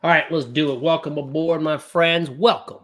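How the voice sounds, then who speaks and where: Brief: male live-stream trading host, bright ringing voice, blunt and profane, lots of energy. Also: a little high, fairly even intonation, moderate pace. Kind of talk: live-streamed casual teaching.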